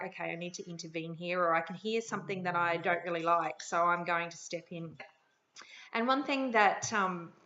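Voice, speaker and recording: A woman's voice: medium pitch, pushed and bright, dull audio. A middle-aged woman with an Australian accent, a parenting educator speaking in a friendly, conversational way about her workshop. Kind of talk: promotional talk to camera.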